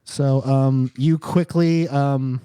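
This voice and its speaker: A man's voice: mid-range voice, steady tone, slow, dark tone, smooth, no room sound. A young man narrating as game master in a tabletop game, laughing through his descriptions with lots of fillers.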